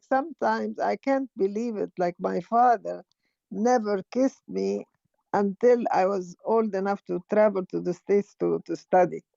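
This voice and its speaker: An older woman from Egypt speaks in a casual online talk, her voice gravelly and dark. She tells personal stories with a gentle laugh now and then. The sound is muffled and dry. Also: mid-range voice, dry recording. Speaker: guest speaker.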